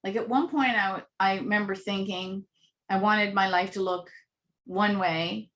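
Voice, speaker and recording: A woman telling animated anecdotes as an interview guest, acting out little voices and laughing often. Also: mid-range voice, moderate pace. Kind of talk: casual storytelling interview.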